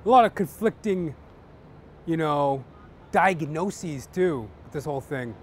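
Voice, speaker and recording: Rambling stand-up comic, lively voice. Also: male voice, fairly high pitch, a little slow. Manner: rambling, full of "you know". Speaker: stand-up comedian. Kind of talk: stand-up joke telling.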